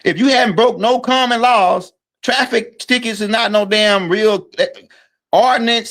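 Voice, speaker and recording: A man's voice: fairly high pitch, fairly bright tone. A man hosting his own video channel, delivering a rambling, emphatic monologue and punctuating points with "right?". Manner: rambling, emphatic, repeats himself with frequent "right?". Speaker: video host. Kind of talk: casual monologue to camera.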